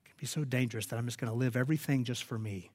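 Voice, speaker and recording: A man's voice: mid-range voice, rapid-fire, a little mellow. A man preaching a sermon, telling stories and rising to emphatic peaks. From United States. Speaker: pastor.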